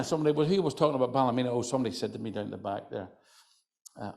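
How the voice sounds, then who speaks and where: A man's voice: on the high side, very animated, fast, a little mellow. Older Antrim man spinning yarns. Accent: County Antrim. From County Antrim, Northern Ireland. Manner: chatty, teasing, lots of "you know". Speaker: folklorist storyteller. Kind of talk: live humorous storytelling. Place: hotel function room.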